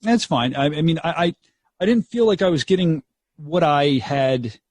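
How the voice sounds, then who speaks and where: A man's voice: fairly high pitch, normal speed. A young man, a radio DJ telling stories animatedly in an interview. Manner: animated, acts out quotes, laughs often. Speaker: radio DJ guest. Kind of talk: storytelling interview.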